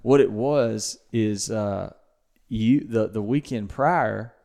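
A man's voice: on the low side, slow pace, vocal fry, dark tone. A young man, hosting a podcast and telling a hunting story in a rambling, self-correcting way. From Mississippi, USA. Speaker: podcast host. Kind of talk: casual storytelling.

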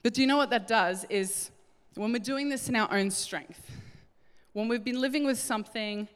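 A woman preaching a sermon, telling a Bible story in an animated way and acting out the voices. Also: fairly high pitch, normal speed, clear, resonant tone. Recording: hall reverb.

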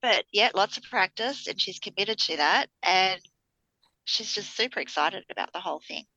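A middle-aged woman with a bright, forceful tone tells a family story in casual podcast chat. She brings the people she quotes to life as she tells it. The sound is dry and a little dull. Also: medium pitch, normal speed, no echo. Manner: animated storyteller acting out quotes. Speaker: podcast co-host.

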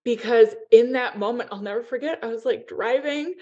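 A woman guest telling a personal story in a heartfelt, open way, with many fillers and pauses. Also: a little high, a little mellow. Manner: emotional, open, lots of "um" and "like". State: teary-eyed. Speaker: podcast guest. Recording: dull lo-fi sound.

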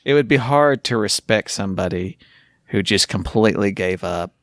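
A man's voice: fairly low pitch, expressive, normal speed, no echo, clean studio sound. A man co-hosting a podcast, joking and teasing through casual banter and laughing often. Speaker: podcast co-host.

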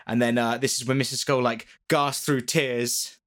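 A man casually retelling a ghost story on a podcast, rambling and animated, swearing and laughing often. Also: medium pitch, moderate pace. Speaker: podcast co-host.

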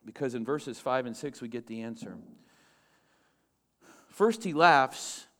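A male pastor preaching a sermon with lively swings between loud, emphatic lines and hushed, low asides. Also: a little slow.

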